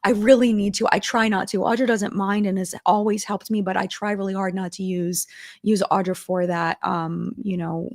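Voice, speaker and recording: A woman's voice: mid-range voice, little pitch movement, normal speed, a little mellow, dry recording, clean studio sound. A middle-aged woman hosting a live-stream chat, talking casually and emotionally, with many fillers and restarts. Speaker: live-stream commentary host.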